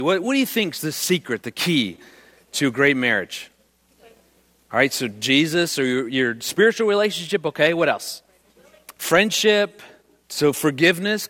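A man giving a talk on marriage to a live audience, telling a family story and acting out the voices in it. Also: fairly high pitch. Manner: animated, jokey, acts out his daughter's lines. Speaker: marriage speaker. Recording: long hall reverb.

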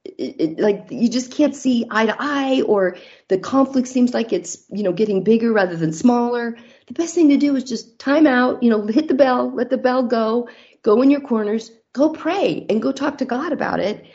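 A woman's voice: on the high side, moderate pace, mellow, dull audio. A middle-aged married woman speaking candidly as an interview guest, telling personal stories with a faith-based outlook. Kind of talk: casual interview talk.

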